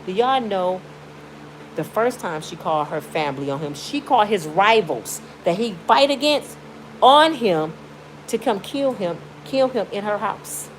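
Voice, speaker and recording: A woman's voice: medium pitch, expressive, unhurried, a little hiss or hum, poor audio. Outspoken middle-aged woman venting at home. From Michigan. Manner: outspoken, pleading, swings from indignant to tearful. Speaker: YouTuber. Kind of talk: emotional personal vlog rant. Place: lying in bed at home.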